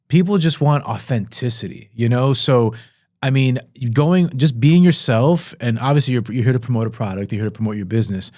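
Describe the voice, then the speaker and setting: A man of middle pitch hosting a podcast in easy, chatty conversation. He talks with lively energy and often jumps into goofy, higher voices when he quotes himself. The sound is close and dry, with no room around it. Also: moderate pace, no room sound. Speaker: podcast host and fence sales director. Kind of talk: casual conversational interview.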